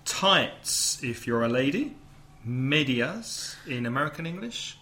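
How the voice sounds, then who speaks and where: A man hosting a relaxed English-lesson podcast. He explains vocabulary step by step and drops in quick translations. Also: medium pitch. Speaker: podcast host and English teacher. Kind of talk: casual teaching podcast.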